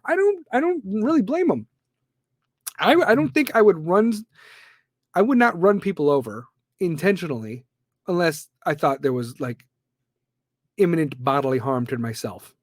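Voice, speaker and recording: A man's voice: a little high, no echo, clean studio sound. A man hosting a podcast, delivering a blunt, profane, heated rant. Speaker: podcast host. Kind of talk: ranting monologue.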